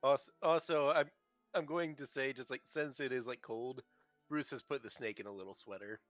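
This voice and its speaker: A man's voice: mid-range voice, normal speed, a bit bright, no room sound, faint music behind. Man player on a slightly dull mic. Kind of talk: describing his character's actions.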